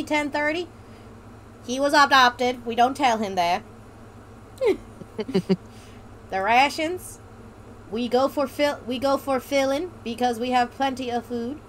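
High-pitched woman goofing around on a let's play, reads stuff out in a silly drawl. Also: slight background noise. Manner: playful, joking, reads game text aloud in a put-on drawl. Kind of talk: casual gameplay commentary.

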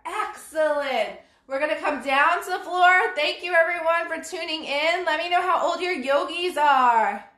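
A woman's voice: extremely high pitch, a little slow, fairly bright tone. A woman from Brooklyn teaching a parent-and-toddler yoga class, with cheerful, encouraging, sing-song cues. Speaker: yoga instructor. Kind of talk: live-streamed kids' yoga class. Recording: roomy echo, mic at a distance.

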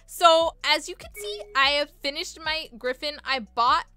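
Bubbly high-voiced woman gaming YouTuber. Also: expressive, pushed and bright, no room sound, studio quality. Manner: bubbly, chatty, quick jokey asides. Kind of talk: casual game commentary.

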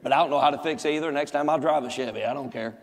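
A pastor preaching a sermon, folksy and joking, with emphatic repetition. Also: male voice, mid-range voice, very fast. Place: large church hall. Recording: echoey church hall.

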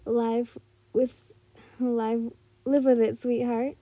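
A woman voicing a brash young father who is a pro hero, teasing his daughter in gruff, mocking banter. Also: fairly high pitch, little pitch movement, slow, warm tone, no room sound.

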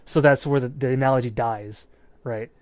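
A man co-hosting a movie podcast, chatting loosely about films and swearing freely as he goes. His pitch sits in the middle, and he often checks in with a quick "right?". The sound is dry and close, with no room echo. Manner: animated, profane, keeps checking in with "right?". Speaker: podcast co-host. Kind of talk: casual movie review chat.

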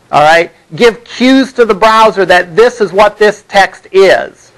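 Male lecturer with a high voice, patient and explanatory, classroom lecture recording. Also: slow, hardly any pauses, fairly bright tone, poor audio. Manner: explanatory, repeats "all right?" to check understanding. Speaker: college instructor.

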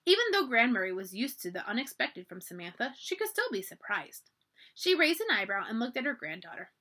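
Brisk and on the high side, a woman's voice carries an animated library storytime reading of a children's chapter book, delivered with plenty of expression.

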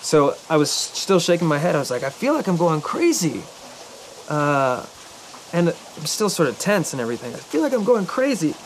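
A young man in a film telling a rambling anecdote to a friend, halting and correcting himself as he goes. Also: a little high, sing-song, slight background noise, low-quality recording. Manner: halting, hesitant, self-correcting.

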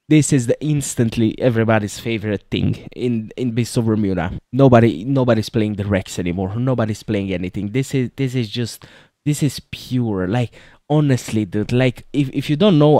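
A man in the middle of his range narrates a game he adores, gasping, laughing and gushing as he plays. His voice swings from loud bursts to near-whispers. The sound is dry and close, with no room around it. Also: medium pitch, no room sound. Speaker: gaming youtuber. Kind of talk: excited let's-play commentary.

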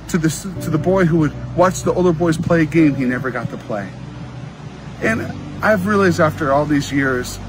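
A man's voice: a little high, poor audio. A man who speaks at school assemblies telling a personal story to kids in a heartfelt, encouraging way, acting out the quoted lines. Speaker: motivational speaker.

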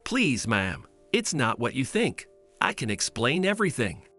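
Guy doing a gentle old homeless man, polite n thankful, faint music behind. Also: medium pitch, very animated, unhurried, exaggerated voice. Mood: humble. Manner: polite, grateful.

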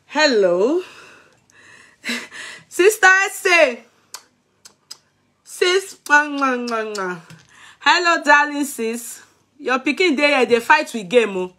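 A middle-aged Nigerian woman with a high, slightly bright voice chats casually in her vlog. She's playful, laughs often, breaks into snatches of song, and mixes in Yoruba and Pidgin.

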